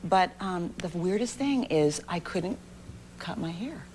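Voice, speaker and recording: A woman in her forties telling a lively anecdote as a talk show guest in a TV studio, acting out the voices she quotes, with sudden jumps in pitch. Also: a little slow. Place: TV studio with live audience. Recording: lo-fi VHS broadcast recording, faint hiss.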